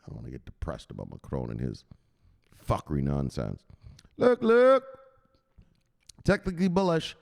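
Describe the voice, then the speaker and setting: A man hosting a crypto news livestream, chatting with viewers in a loud, profane, excitable way. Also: extremely low pitch, quick pace, creaky. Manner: profane, excitable, shouting "bang!" often.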